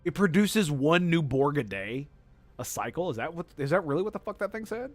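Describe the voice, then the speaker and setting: A man giving let's play commentary as a gaming streamer, excitable and profane, gushing over every detail. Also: fairly high pitch, a little fast, faint music behind.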